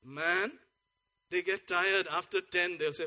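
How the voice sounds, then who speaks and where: A man delivers a sermon in a high, bright voice. He jokes and muses quietly, then bursts into loud, rousing exclamations. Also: slow. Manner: lively, jokey, swings from soft asides to loud exclamations. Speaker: pastor.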